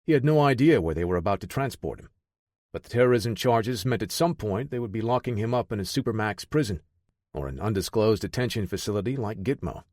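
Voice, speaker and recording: A man narrating an audiobook thriller in a steady, even storytelling manner. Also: fairly low pitch, brisk, no echo, clean studio sound.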